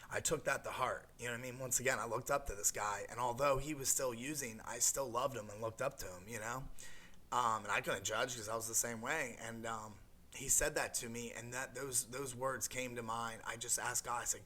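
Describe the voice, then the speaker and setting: A young adult man recounts his own story with a bright, forward voice. He rambles, restarts and fills gaps with "you know" and "um" as he speaks. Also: mid-range voice, normal speed, slight background noise. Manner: rambling, many fillers and restarts. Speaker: guest sharing a recovery story. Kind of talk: emotional personal testimony.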